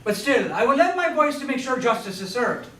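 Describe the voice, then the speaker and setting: A man's voice: extremely high pitch, very animated, fairly quick, pushed and bright, slight background noise, heavily acted. Man playing a wry frontier judge. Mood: measured. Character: small-town frontier judge, skeptical. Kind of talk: stage play acting. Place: theater stage. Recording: roomy stage sound from far off.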